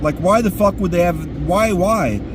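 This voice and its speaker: A man's voice: high voice, normal speed, noisy background. A man ranting crudely and profanely while sitting in his car. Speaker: vlogger.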